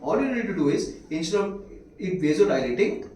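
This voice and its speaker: In a medical lecture, an Indian-accented man keeps quizzing his students through rhetorical questions, his voice sitting high, expressive, a little fast and a little mellow. Echo, faint hiss, and a distant mic mark the recording.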